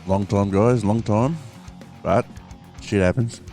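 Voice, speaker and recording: A man's voice: on the low side, slow, over music. A man co-hosting a podcast in casual chat, swearing freely and laughing often. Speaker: podcast co-host.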